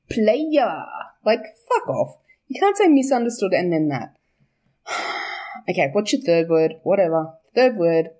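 A woman's voice: mid-range voice, darkish tone. A young woman, chatting casually about her book's characters, laughing often, swearing and correcting herself as she goes. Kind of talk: casual chat.

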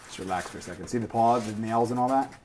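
A man's voice: medium pitch, fast talker, a little hiss or hum. Laid-back, cursing male dog trainer. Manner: laid-back, swears casually, drops to soft murmurs with the dog. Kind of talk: casual demonstration talk.

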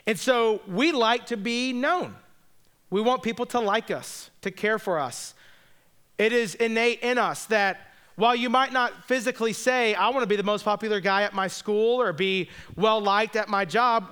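A man's voice: extremely high pitch, fairly bright tone, clean tone. A man preaching a sermon in a conversational, joking way, speaking straight to the congregation. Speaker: pastor.

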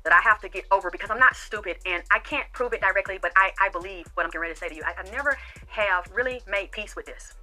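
A woman's voice: mid-range voice, very fast, pushed and bright, soft background music, rough recording. A woman hosting a podcast, telling a personal story in a blunt, profane, emphatic way. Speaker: podcast host. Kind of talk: storytelling commentary.

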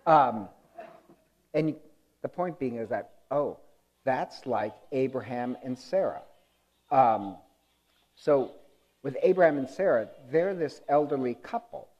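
A man's voice: mid-range voice, lively intonation, slow pace, long pauses, lo-fi sound. A man preaching a conversational sermon, telling a story in a chatty, amused way with many ums and uhs. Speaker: pastor.

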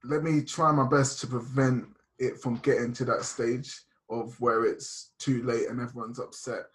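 A man's voice: medium pitch, level tone, moderate pace, fairly bright tone. A young man guesting on a podcast, talking openly and reflectively about arguments with his girlfriend, with many restarts. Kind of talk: casual podcast chat.

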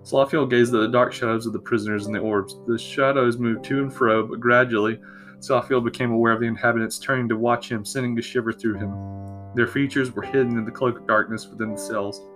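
A man reading a fantasy story aloud in a slow, measured storybook narration. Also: medium pitch. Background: soft guitar music.

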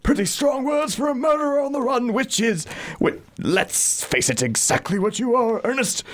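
A man doing an impression while reading a scheming, gleeful woman from a film scene, in a husky, theatrical voice. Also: very high-pitched, animated, moderate pace, pitched above the performer's own voice. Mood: gloating. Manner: gloating and theatrical, cold read of a film scene. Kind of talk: comedic impression cold read.

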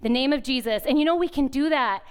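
A woman in her thirties speaking at a retreat, telling a lively story as a sermon and acting out voices in the quotes. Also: high-pitched, fast talker, smooth.

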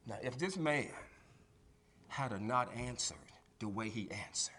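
A male preacher delivering a sermon in a church, swinging from hushed whispers to shouted lines and drawing call-and-response from the congregation. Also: medium pitch, expressive, a little slow, breathy edge. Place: church sanctuary.

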